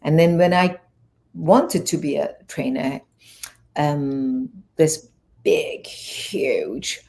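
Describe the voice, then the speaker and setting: Deep gravelly woman from iran, fifties, rambly interview storytelling, keeps restarting. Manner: rambling, animated retelling with many restarts. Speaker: guest, fitness and wellness coach.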